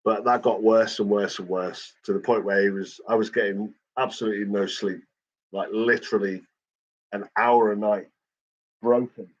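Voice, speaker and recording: A man's voice: on the low side, steady tone, moderate pace, highs cut off. A man in casual, rambling chat with his viewers, swearing often and filling gaps with "like" and "um". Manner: rambling and sweary, with frequent fillers. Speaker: livestreamer chatting with viewers.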